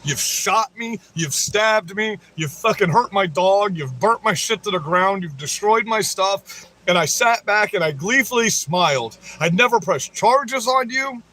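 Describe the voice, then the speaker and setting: A man with a high-pitched voice hosts a livestream, ranting in a heated, profane tirade straight at his audience. He keeps tossing in "you know what I mean" as he presses his points, and a faint hum sits behind him. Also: bright, forceful tone. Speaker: livestream host. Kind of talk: livestream rant.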